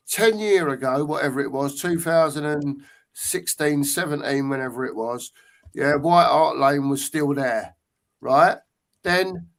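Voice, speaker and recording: A man hosting a casual livestream chat. He speaks bluntly and earnestly and now and then pauses to hunt for a word. His voice sits a little high for a man. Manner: blunt, earnest, searches for words. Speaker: host.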